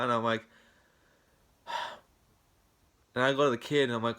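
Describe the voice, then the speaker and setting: Bright-voiced young man ranting. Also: mid-range voice, normal speed, pauses often. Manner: swearing, indignant, rambling retelling. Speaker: vlogger. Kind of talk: casual storytime rant.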